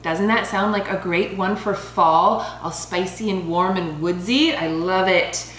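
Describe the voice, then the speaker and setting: A woman in her thirties chatting casually as she reviews wines, bubbly and quick to laugh, stumbling over foreign names. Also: fairly low pitch, fairly bright tone. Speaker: vlogger reviewing wine. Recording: roomy home recording with faint hum.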